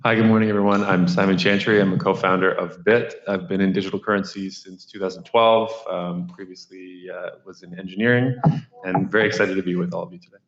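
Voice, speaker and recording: A man's voice: low voice, steady tone, brisk, a little hiss or hum. A man giving an upbeat, friendly self-introduction on a conference panel. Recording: echoey hall, dull, faint clicks.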